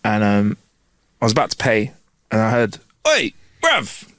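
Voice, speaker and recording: A man co-hosting a casual podcast, telling stories with animated bursts and laughs. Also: on the low side, moderate pace, dry recording. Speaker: podcast co-host.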